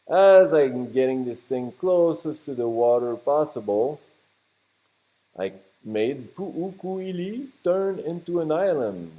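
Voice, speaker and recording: French canadian guy narrating his beach vlog, kinda high voice, slow and chatty. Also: warm tone. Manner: chatty, rambling, teasing asides. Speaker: vlogger. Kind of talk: casual on-camera narration. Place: outdoors on a beach by the water. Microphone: handheld camera mic.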